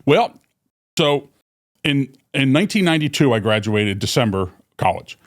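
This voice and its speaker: A man's voice: medium pitch, moderate pace. A man in his fifties, a company vice president, casually telling stories on a podcast with many fillers and restarts. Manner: rambling, many fillers and restarts, animated when quoting. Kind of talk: casual storytelling in a podcast interview.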